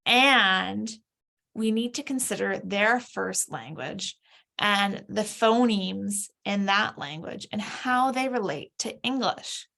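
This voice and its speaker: A woman's voice: medium pitch, expressive, slow, creaky, bright, forceful tone. A woman speaking in an interview as a literacy educator, explaining things thoughtfully. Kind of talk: interview conversation.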